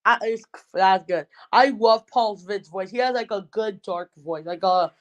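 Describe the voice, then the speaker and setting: A woman co-hosting a casual fan podcast, excitable and rambling, full of fillers and restarts. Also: mid-range voice, measured pace, dull audio. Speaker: podcast co-host.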